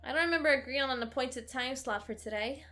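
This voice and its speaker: A woman's voice: sits high, fast, bright, forceful tone, faint music behind. A woman voicing a snobbish, curt rich young man in a visual novel, speaking with haughty dismissiveness.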